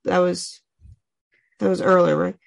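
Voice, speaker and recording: A woman with a fairly low voice co-hosting a podcast. She reads a case aloud at a steady pace and teases her partner in between. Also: unhurried, vocal fry, poor audio. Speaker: podcast co-host. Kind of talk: casual chat and reading aloud.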